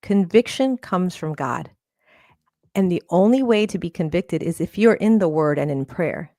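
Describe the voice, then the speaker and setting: A woman's voice: fairly low pitch, lively intonation, brisk, warm tone, no room sound, clean studio sound. A woman therapist, a guest on a podcast, talking in an earnest, encouraging way. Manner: earnest, encouraging, laughs often. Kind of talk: casual interview talk.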